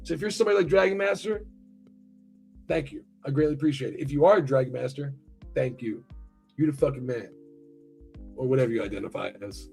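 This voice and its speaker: A man's voice: mid-range voice, rapid-fire, vocal fry, a little mellow, breathy edge, soft background music. An American man hosting a livestream, chatting casually and rambling with plenty of swearing while talking to his chat. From United States. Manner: profane, rambling, talks to chat. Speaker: livestream host.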